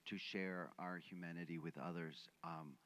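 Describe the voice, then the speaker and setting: A man's voice: deep voice, fairly even intonation, moderate pace, a bit bright, poor audio. A middle-aged man, speaking on a conference panel and telling a personal story in an earnest, heartfelt way. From Mexico. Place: conference venue.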